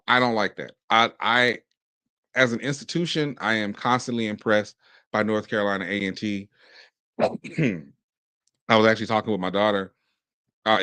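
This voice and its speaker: A man in his forties from Mississippi, hosting a casual sports commentary show, animated and talking in bursts with frequent restarts. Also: fairly low pitch, no room sound. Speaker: podcast host.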